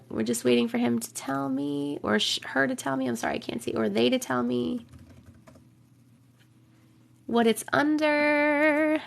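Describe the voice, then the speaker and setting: A young woman hosting a livestream, reading viewers' stories aloud and chatting casually, her voice a bit rough from a cold, humming filler syllables while she waits. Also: high voice, fairly even intonation, a little slow, pauses often. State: voice rough from getting over a cold.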